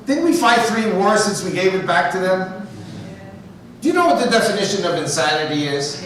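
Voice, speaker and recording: A man's voice: sits high, sing-song, moderate pace, background noise. A man from the United States with a New York accent, speaking as a guest at a church in a chatty storytelling style with joking asides. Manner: conversational, jokey asides, quotes others in dialogue. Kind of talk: church talk with storytelling and jokes. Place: church sanctuary. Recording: roomy echo, distant mic.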